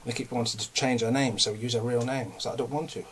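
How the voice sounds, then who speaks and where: A man's voice: mid-range voice, steady tone, fast, a bit bright, a little hiss or hum. A young man, talking in a casual, rambling and self-mocking way, a bit out of breath. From England. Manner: ranting, self-mocking, chatty. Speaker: vlogger.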